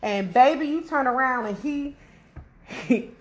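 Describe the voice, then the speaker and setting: A woman hosting a podcast in casual chat, animated and laughing as she talks to listeners. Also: sits high, takes it slowly. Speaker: podcast host.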